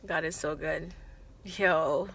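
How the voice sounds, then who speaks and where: A young woman telling a story in a casual vlog, animated and exclamatory. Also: low voice, takes it slowly, creaky, slight background noise. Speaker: vlogger.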